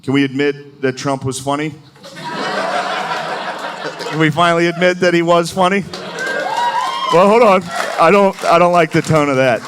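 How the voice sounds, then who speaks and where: A man in his thirties doing a live stand-up set, with a loose, rambling delivery full of "like"s and quick impressions. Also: on the high side, background noise. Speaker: stand-up comedian. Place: comedy venue with a laughing audience.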